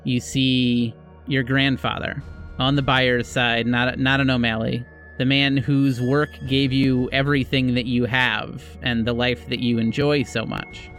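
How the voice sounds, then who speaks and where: A man's voice: medium pitch, little pitch movement, measured pace, a bit bright, faint music behind. A man narrating a tabletop horror game as game master, drawing out descriptions. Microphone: podcast microphone.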